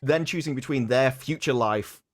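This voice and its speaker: A man's voice: medium pitch, moderate pace. A man in a casual film discussion, reasoning hesitantly, with frequent fillers.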